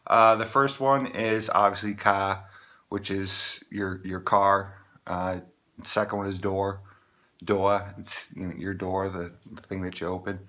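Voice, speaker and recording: A man from Maine talking casually to camera, rambling with many halting restarts. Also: low voice, fairly even intonation, bright, forceful tone. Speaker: vlogger.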